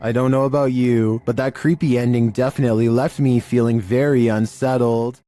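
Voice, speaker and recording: A man doing scripted narration of eerie clips in a slow, ominous storytelling way. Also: medium pitch, steady tone, dark tone.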